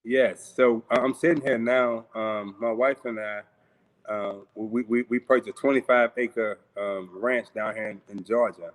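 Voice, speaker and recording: A middle-aged man from St. Louis telling a personal story over a video call, speaking casually and repeating words as he goes. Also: on the low side. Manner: conversational, repeats words, acts out voices in quotes. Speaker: guest. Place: home, remote video call.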